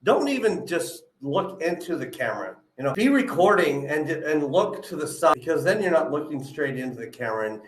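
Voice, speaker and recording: A man's voice: a little high, sing-song, brisk, few pauses. Male interview host with a slight lisp, upbeat and coaching, echoey room sound. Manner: encouraging, peppers talk with "you know" and "right?". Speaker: show host. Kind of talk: live interview, coaching advice.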